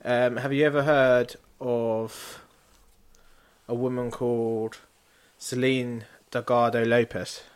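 A young man with a British accent, co-hosting a casual podcast from a flat and leading with a story. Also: mid-range voice, slow pace, clear, resonant tone. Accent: British English. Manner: laid-back, storytelling, laughs at own bad accents. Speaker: podcast co-host. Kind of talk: casual chat. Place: flat, indoors.

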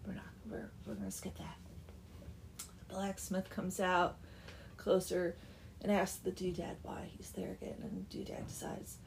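A woman's voice: on the low side, flat delivery, normal speed, gravelly. A young woman casually retelling a folk tale, chatty with wry asides and dips into whispers. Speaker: storyteller. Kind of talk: casual comic story retelling.

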